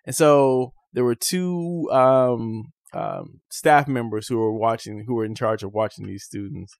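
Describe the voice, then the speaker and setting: A man co-hosting a podcast, chatting casually and telling animated stories, acting out quotes. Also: mid-range voice, unhurried, creaky, dry recording. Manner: animated storyteller, acts out quotes. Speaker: podcast co-host. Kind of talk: casual chat.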